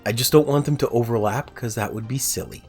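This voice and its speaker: A man's voice: medium pitch, quick pace, a little mellow, breathy edge, faint music behind. A man casually chatting on a game livestream, self-deprecating and answering viewers' chat. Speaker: game streamer.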